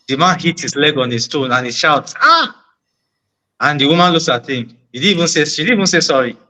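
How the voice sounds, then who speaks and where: Man, slightly high voice, bright and forceful tone, earnest panel talk, repeats himself. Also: low-quality recording. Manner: earnest, persuasive, repeats phrases. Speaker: panel guest. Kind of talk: panel discussion.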